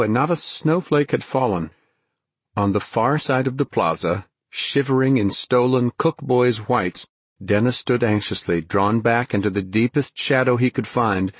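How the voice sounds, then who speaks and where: A man narrating a novel as an audiobook, in a measured, even storytelling way. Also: mid-range voice, breathy edge, dry recording. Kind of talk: scripted narration.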